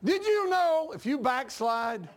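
High-pitched folksy preacher man. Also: big pitch swings, takes it slowly. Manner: folksy storytelling preacher, acts out dialogue, laughs at his own jokes. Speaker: pastor. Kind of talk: sermon.

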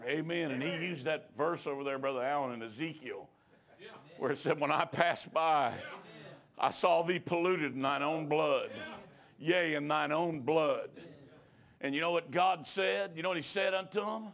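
A middle-aged man, preaching a sermon in a folksy storytelling way that builds to shouted exhortation. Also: on the high side, moderate pace.

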